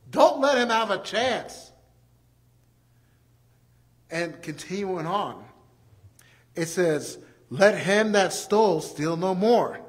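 A man preaching a sermon, acting out everyday scenes and repeating key phrases for emphasis. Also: high-pitched. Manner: animated, acts out everyday scenes.

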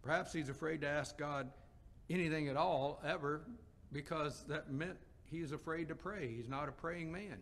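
Gravelly-voiced male preacher. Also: fairly high pitch, normal speed, fairly bright tone. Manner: expository preaching with scripture quotes and rhetorical questions. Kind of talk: sermon.

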